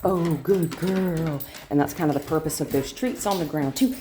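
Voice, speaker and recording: A woman dog trainer explaining her steps to viewers while working a dog indoors, breaking into high praise. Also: expressive, fast, noisy background. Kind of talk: instructional dog training demo.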